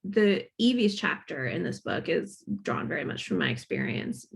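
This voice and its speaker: At a library author event, a thirtysomething woman from Northern Kentucky chats casually and reflectively, working through her thoughts aloud. Her voice is fairly low with vocal fry, very animated, and moves at a moderate pace, and her Midwestern accent bends slightly toward Boston.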